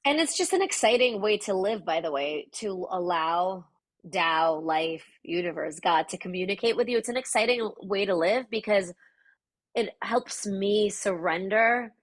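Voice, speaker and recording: A woman's voice: medium pitch, expressive, unhurried. A woman from the Soviet Union whose first language is Russian, a podcast guest speaking in a thoughtful, searching way. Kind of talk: reflective conversational interview.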